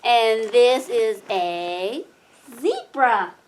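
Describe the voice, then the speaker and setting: Mom playing with her toddler, high and bouncy, talks real slow and sing-songy. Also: lively intonation. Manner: slow, sing-song, coaxing, teacherly. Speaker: mother.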